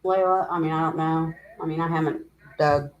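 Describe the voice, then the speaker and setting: Low-voiced woman rambling on a livestream. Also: steady tone, a little fast, highs cut off. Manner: rambling, emotional, greets viewers by name. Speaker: livestream host. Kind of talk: casual livestream chat.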